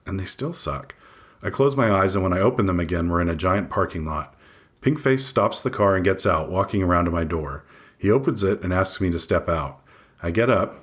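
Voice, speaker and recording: A man reading his own memoir aloud in first person, measured, matter-of-fact and wry. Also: low-pitched. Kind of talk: first-person audiobook narration.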